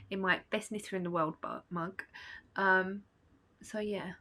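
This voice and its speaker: Bright-toned, sleepy chatty woman. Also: mid-range voice, fairly even intonation, takes it slowly. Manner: chatty, rambling, with fillers and small laughs. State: sleepy, yawning. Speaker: vlogger. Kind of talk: casual chat to camera. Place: at home.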